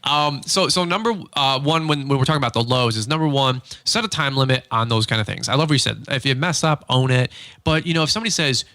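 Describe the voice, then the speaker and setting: A man co-hosts a relaxed business podcast, talking in a rambling, joking way and laughing often. His voice is bright and forceful, and the sound is dry and close. His pitch sits in the middle range. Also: fast, no echo. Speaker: podcast co-host. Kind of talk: casual business chat.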